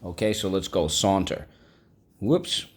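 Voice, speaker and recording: Male teacher, deep voice, unhurried vocabulary drill with call-and-response prompts. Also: big pitch swings. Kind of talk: vocabulary lesson for children. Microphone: recorded video lesson.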